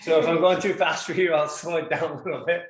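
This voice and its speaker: A man leading a live fitness class, calmly cueing breathing and movement. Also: fairly high pitch, fast, roomy sound, low-quality recording. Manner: calm, rhythmic counting and cueing. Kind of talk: guided breathing and movement instructions.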